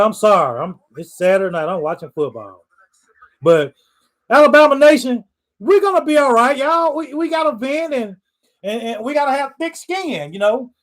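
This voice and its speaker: Over a rough recording, a sports fan vlogger with an extremely high-pitched voice rants live on stream. He rambles and repeats himself, swearing often, sounding frustrated yet accepting.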